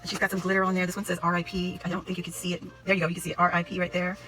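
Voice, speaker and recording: A woman chatting to camera as she unboxes a gift, gushing and excitable, often exclaiming in delight. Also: lowish voice, racing, slight background noise, poor audio. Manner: gushing, excitable, repeats "oh my gosh". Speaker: craft vlogger opening a gift package. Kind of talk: casual unboxing chat to camera.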